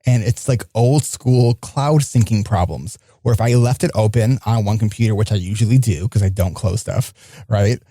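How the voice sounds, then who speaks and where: A man's voice: fairly low pitch, moderate pace, mellow, dry recording, studio quality. A man hosting a podcast in casual chat, rambling and often restarting his sentences. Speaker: podcast host.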